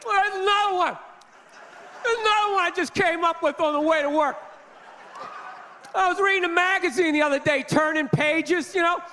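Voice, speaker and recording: A breezy, commanding tech boss barking orders, put on by a stand-up comedian. The voice sits high and bright and pushes hard. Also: male voice, moderate pace, long pauses, a little hiss or hum. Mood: smug. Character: smug male tech boss tossing out orders. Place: comedy stage before a live audience.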